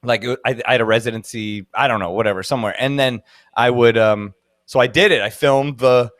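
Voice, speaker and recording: A man's voice: mid-range voice, fairly quick, fairly bright tone, no echo. A man in his thirties, a DJ guest telling a story in casual chat, rambling with lots of fillers and laughs.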